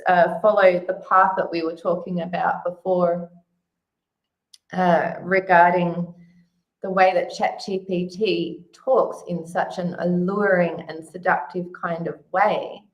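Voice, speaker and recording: A woman co-hosting a live online spiritual discussion over a video call, making earnest, measured points. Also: lowish voice, little pitch movement, echoey room, lo-fi sound. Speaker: co-host of a spiritual talk.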